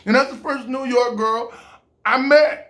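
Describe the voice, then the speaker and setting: A man's voice: extremely high pitch, steady tone, a little slow, fairly bright tone. A man from California telling a personal story to camera in a rambling, repetitive way with chuckles. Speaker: vlogger.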